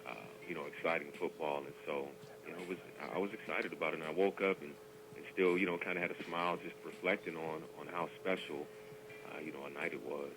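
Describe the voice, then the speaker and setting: A man, a football coach, talking as an interview guest with a halting delivery and many fillers. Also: very deep voice, steady tone, background noise. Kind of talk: call-in interview.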